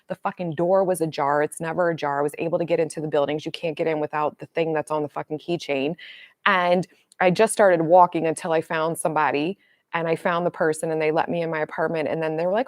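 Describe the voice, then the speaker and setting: A middle-aged woman coach talking casually on a livestream, blunt and animated, swearing freely as she tells stories. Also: low-pitched, a little fast, no echo, clean studio sound. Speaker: manifestation coach.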